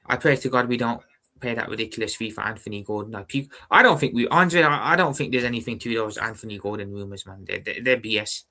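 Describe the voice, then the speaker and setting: A young man hosting a casual football fan live stream, talking calmly and evenly while reading out viewer comments. He often repeats himself and calls viewers brother. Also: lowish voice, quick pace. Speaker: football fan livestream host.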